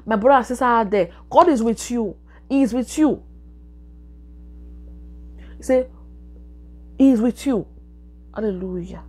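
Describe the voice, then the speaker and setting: A woman's voice: fairly high pitch, unhurried, pauses often, darkish tone. A woman preaching a sermon and leading a prayer, repeating her phrases with emphatic, exhorting delivery.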